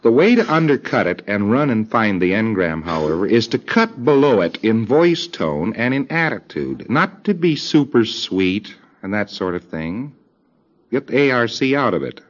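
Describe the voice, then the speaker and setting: Low, lively man lecturing on old tape. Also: lo-fi sound. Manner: deliberate, acts out dialogue in quoted voices. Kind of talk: recorded lecture.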